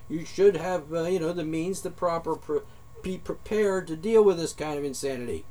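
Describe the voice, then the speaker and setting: A slightly high-voiced man rants at his audience in a heated, confrontational monologue. He swears often and presses his points with rising force. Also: normal speed, mellow. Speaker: vlogger. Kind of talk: angry monologue rant.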